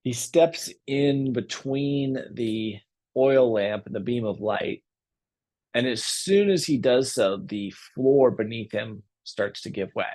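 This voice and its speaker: A man teaching a yoga class, telling a story in a calm, unhurried way between posture cues. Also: medium pitch.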